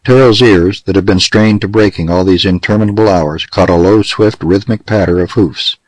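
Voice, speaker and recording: Male audiobook narrator, low voice, dry close recording, steady western storytelling. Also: moderate pace, no room sound, rough recording.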